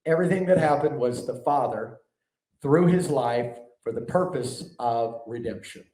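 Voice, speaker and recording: A man's voice: medium pitch, moderate pace, warm tone. Man, preacher, conversational sermon, asks the crowd questions, roomy hall sound, distant mic. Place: large hall before a live audience.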